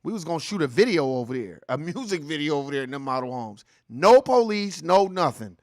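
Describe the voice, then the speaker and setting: A man's voice: on the high side, very animated, brisk, no room sound, clean studio sound. A man in his forties hosting a ranting reaction commentary, profane, heated and mocking. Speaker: host.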